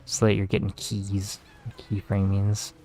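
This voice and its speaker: Low-voiced man mumbling over gameplay. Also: measured pace. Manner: relaxed, swearing, mumbling to himself. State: tired, yawning. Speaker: gaming video creator. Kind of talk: casual gameplay commentary.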